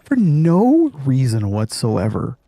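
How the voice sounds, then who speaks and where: A man's voice: mid-range voice, wildly swooping pitch, slow pace, creaky, mellow, no echo. A man hosting a gaming channel, telling a story casually, laughing often and swearing freely. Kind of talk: casual storytelling over gameplay.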